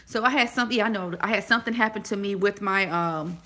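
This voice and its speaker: A woman in her forties chatting casually to a live audience, talking fast and often pausing to find her words. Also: mid-range voice, bright, forceful tone. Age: 40s. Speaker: vlogger.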